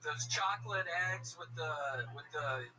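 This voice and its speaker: A man in casual, crude comedic banter, swearing often, giggling and talking in mock excitement. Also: on the high side, a little slow, slight background noise. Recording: distant mic with loud music.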